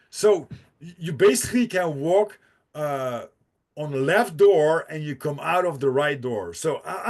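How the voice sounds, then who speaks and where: A man, a podcast guest telling a profane, rambling story with laughs and restarts. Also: fairly high pitch. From Netherlands. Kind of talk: casual storytelling.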